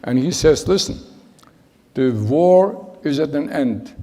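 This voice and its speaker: Older man with a husky, gravelly voice. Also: on the high side, animated, slow pace, dark tone. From Germany. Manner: storytelling, acts out quoted voices. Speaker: Holocaust survivor speaker. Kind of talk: personal testimony talk. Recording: hall with long reverb.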